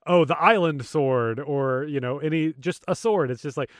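A man co-hosting a casual podcast about a video game, retelling scenes with a laugh and quick voiced asides. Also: a little high, no room sound, studio quality. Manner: laughing, animated retelling with put-on character voices. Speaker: podcast co-host.

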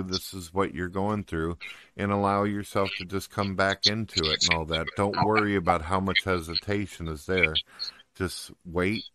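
A man's voice: deep voice, noisy background. A man hosting a casual podcast chat. He jokes a lot and slips into silly quoted voices. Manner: animated, jokey, puts on silly quoted voices. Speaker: podcast host. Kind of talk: casual conversation.

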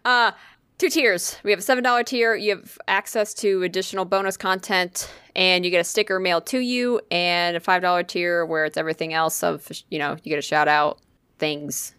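A woman's voice: on the low side, steady tone, a little fast, a bit bright, clean tone, no echo, studio quality. A woman co-hosting a podcast, telling a story in casual chat, rambling with lots of "like" and casual swearing. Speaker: podcast co-host.

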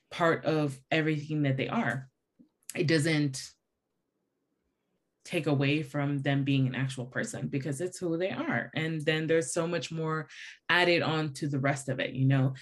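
A young adult woman co-hosting a casual book-club podcast, talking fast and chatty. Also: low-pitched, fairly even intonation. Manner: fast, chatty, calls people "babes". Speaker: podcast co-host.

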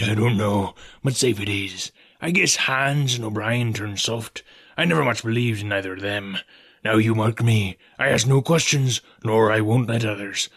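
A man voicing a cunning old male pirate cook, speaking in a slow, low, confiding drawl. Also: a bit bright.

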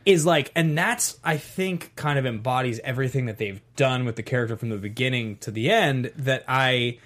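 A man chatting casually on a podcast, rambling and eager, his words tumbling out with plenty of fillers. His pitch sits in an ordinary middle register, neither deep nor high. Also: normal speed, a bit bright. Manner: enthusiastic, rambling with fillers and laughs. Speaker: podcast co-host. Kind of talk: casual chat.

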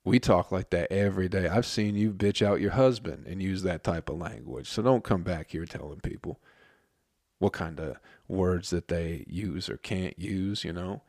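A man's voice: sits low, normal speed, a little mellow, no room sound, clean studio sound. A man who works in a restaurant kitchen, telling a story as a heated, profane rant.

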